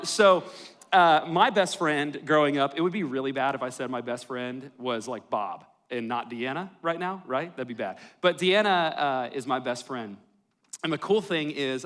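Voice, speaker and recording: A man's voice: mid-range voice, fairly bright tone. A young man, preaching a sermon full of self-deprecating jokes and personal stories. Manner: joking, self-deprecating storyteller. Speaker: pastor. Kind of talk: sermon with storytelling. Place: church worship hall.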